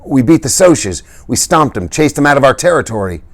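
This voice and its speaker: A man's voice: fairly low pitch, lively intonation, a little fast, voice pushed up, close to an everyday voice. A man voicing a reckless, tough teenage greaser boy who talks in urgent, commanding street slang. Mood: forced cheer.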